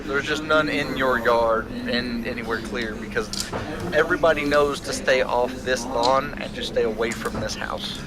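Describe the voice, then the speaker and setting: A man narrating as game master of a tabletop game, halting often with fillers and restarts. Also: mid-range voice, crowd noise, poor audio.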